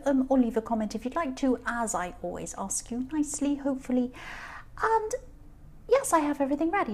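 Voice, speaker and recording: A woman giving a casual tarot reading, talking directly to the viewer in a chatty, rambling way with many fillers and restarts. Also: high voice. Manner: gently reassuring, speaks directly to the viewer. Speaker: tarot reader.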